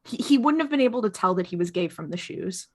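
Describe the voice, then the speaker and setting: A woman's voice: mid-range voice, expressive, fast talker. Chatty, sarcastic woman podcast co-host. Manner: chatty, sarcastic, laughs often. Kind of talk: casual rewatch recap chat.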